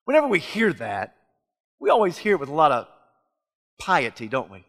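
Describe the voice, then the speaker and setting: Male preacher, high voice, rhetorical questions, hush to shout, church echo. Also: huge pitch swings, normal speed, long pauses, a faint crowd. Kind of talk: sermon. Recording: long reverb of a large hall.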